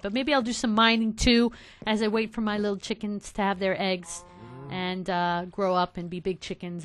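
A woman hosting a game let's play, chatting casually to her viewers and getting excited easily. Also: medium pitch. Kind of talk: casual gameplay commentary.

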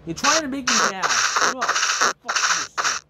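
A woman's voice: a little high, very animated, a little slow. A woman doing let's play commentary, swearing heavily and bickering as she plays. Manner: heavy swearing, ranting and bickering. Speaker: gaming video host. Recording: loud background noise.

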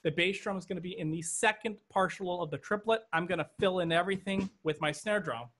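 A man's voice: sits high, fairly quick. A man teaching an online drum lesson, explaining patterns step by step and checking in with "okay" as he goes. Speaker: drum instructor. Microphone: video call. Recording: drums loud behind voice. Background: drum kit playing.

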